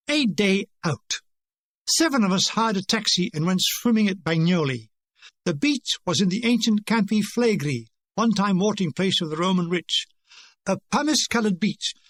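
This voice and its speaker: A man's voice: sits high, no room sound. Older man, wry memoir narration. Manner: dry, wry comic delivery. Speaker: author reading his own memoir. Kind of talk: audiobook narration.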